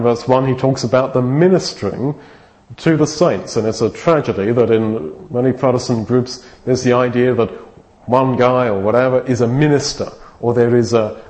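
A man's voice: mid-range voice, darkish tone. A man preaching a sermon, earnest and thinking aloud, often restarting his phrases.

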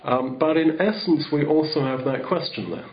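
A man's voice: a little high, normal speed, dull audio. A man giving a sermon in a rambling, conversational way, full of restarts. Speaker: preacher.

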